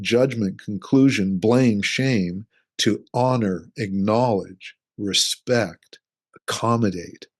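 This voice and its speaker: A middle-aged man, a relationship coach, talking earnestly in an interview and explaining his ideas with acted-out examples. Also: medium pitch. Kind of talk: casual interview conversation.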